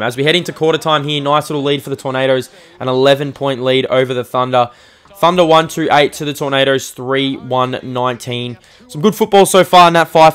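Fast-talking man calling a game. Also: medium pitch. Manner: energetic, voice jumps up on goals and big plays. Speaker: host and commentator. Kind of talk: play-by-play video game commentary.

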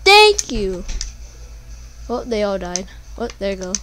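A young woman giving casual gameplay commentary, panicking and pleading, then yelling at the game. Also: mid-range voice, sing-song, measured pace, a little hiss or hum. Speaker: gamer.

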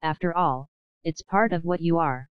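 A woman narrator voicing a blunt, quiet-spoken young college woman in an audiobook. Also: deep voice, moderate pace, smooth, no echo, dull audio, close to an everyday voice. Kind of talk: audiobook character reading.

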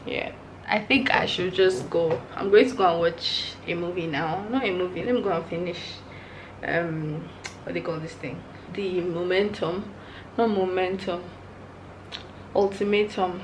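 A woman's voice: lowish voice, normal speed, slight background noise, low-quality recording. A young Nigerian woman in her twenties chatting casually to her viewers in a home vlog, frank and laughing often. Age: 20s. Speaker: vlogger. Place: her room at home, indoors.

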